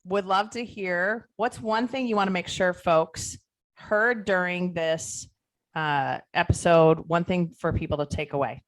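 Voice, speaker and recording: A woman co-hosting a podcast, steering the talk with relaxed jokes. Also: lowish voice, unhurried, dry recording. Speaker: podcast co-host. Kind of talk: casual chat.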